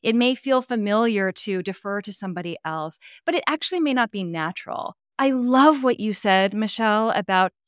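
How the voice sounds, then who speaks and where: A woman voice coach from California speaks in a podcast interview, expressive and emphatic. She checks in with her listener through frequent asides, and her middle-pitched voice sounds close and dry. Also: normal speed, hardly any pauses, no echo.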